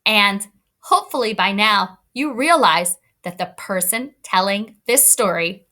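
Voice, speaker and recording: A woman's voice: mid-range voice, animated, measured pace, bright, forceful tone. A woman teacher giving a read-aloud lesson to young children, encouraging and thinking aloud as she explains.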